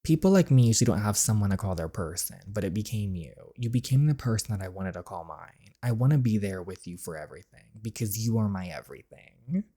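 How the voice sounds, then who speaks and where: A tender, earnest young man from a story game, read by a man in his own voice. He speaks softly and quietly, with a warm, mellow tone. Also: animated, fairly quick, hardly any pauses. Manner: soft, low-volume, earnest reading. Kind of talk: game dialogue read aloud.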